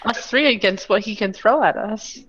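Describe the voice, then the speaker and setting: A woman playing a tabletop game, with a playful, quick-witted way of talking. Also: mid-range voice, fairly bright tone, breathy edge, no room sound, lo-fi sound. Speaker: player. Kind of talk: casual tabletop game play.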